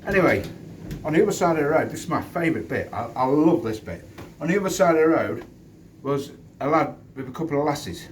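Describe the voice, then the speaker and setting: A middle-aged Englishman, once a doorman, tells a fight story bluntly and swears freely, in stops and starts. He is recorded outdoors and sits well back from the mic. Wind rushes across it. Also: fairly high pitch, lively intonation. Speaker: former doorman. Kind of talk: casual storytelling to camera. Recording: distant mic with wind noise.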